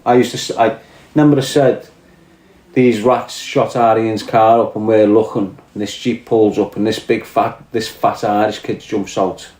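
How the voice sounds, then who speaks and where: His voice is lowish, steady and a little mellow at a normal pace. He's a Scouse podcast host rambling through a casual live-stream and reading out comments from viewers, with the room echoing.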